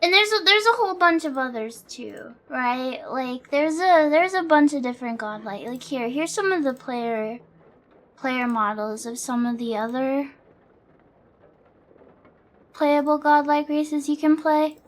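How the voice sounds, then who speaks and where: Sleepy high-voiced woman streamer. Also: slow pace, long pauses. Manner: rambling, swears freely, frequent fillers. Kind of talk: casual stream chat.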